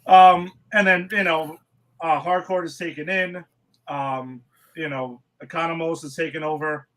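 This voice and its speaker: A man hosting a podcast, casually recapping an episode in a relaxed, chatty way. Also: a little high, a little slow, poor audio. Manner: recapping plot, relaxed and chatty, says "you know" often. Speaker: podcast host. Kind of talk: casual chat.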